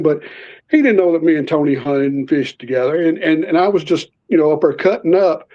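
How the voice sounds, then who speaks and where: A man's voice: a little high, brisk. A man telling stories in a casual interview, animatedly acting out the voices of people in them. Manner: animated storyteller, acts out quoted voices. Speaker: podcast guest. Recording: slightly muffled lo-fi audio.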